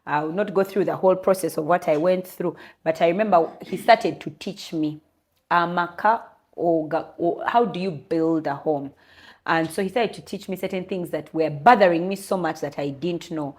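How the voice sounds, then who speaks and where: A young Ugandan woman, an interview guest, telling a candid personal story in an earnest, lively way. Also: on the low side, moderate pace. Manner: switches between English and Luganda, lively and earnest.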